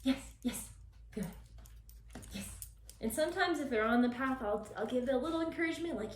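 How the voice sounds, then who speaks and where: A woman dog trainer explaining a puppy session, switching between calm explanation and high, bright praise for the dog. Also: brisk, a little hiss or hum. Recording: echoey, from a distance.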